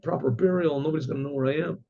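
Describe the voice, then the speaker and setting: A man's voice: a little high, racing, creaky, narrow, tinny audio. A man voicing a freezing old man in his eighties. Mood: weary. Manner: pleading, weary.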